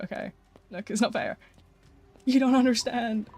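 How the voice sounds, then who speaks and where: A woman's voice: a little high, wildly swooping pitch, takes it slowly, a little mellow, slightly rough. Chatty woman streamer, laughing often. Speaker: live streamer. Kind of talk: casual live-stream chat.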